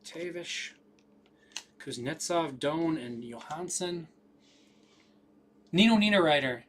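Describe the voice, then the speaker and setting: A man's voice: on the high side, a bit bright. A man hosting a live card break, rattling off names with casual running commentary.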